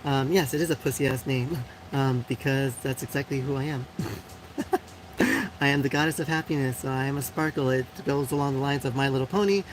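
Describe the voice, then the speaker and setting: A very deep, fairly quick female voice comes through a rough recording with some hiss or hum. The Puerto Rican host, in her forties, chats casually on a live stream, answering viewer comments bluntly with many fillers and frequent laughs.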